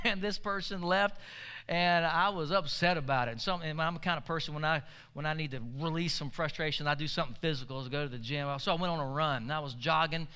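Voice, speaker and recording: A man's voice: sits high, bright, forceful tone, clear, resonant tone. A man pastor preaching a sermon, telling stories in a conversational way and calling on the congregation to respond. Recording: echoey hall.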